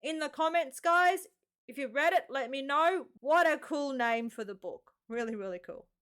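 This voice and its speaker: Excitable Australian woman, reaction host, pitched very high; chatty and exclamatory. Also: normal speed. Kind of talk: casual reaction commentary.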